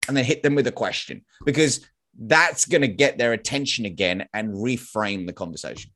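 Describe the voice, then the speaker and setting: A man, a sales consultant as podcast guest, telling animated stories in casual talk and acting out quoted lines. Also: mid-range voice, brisk. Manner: animated storytelling, acts out quotes; casual slang. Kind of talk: podcast interview.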